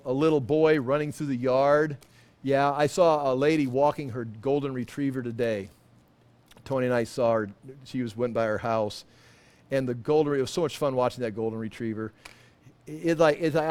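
High-voiced rambling preacher man. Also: a little mellow. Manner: rambling, self-interrupting, humorous asides. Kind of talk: informal sermon, Bible teaching.

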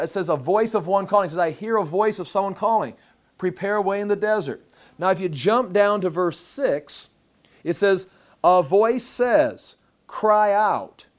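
Man teaching a Bible passage. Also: high-pitched. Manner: conversational, repeats words when restarting, reads scripture aloud. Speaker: pastor teaching scripture.

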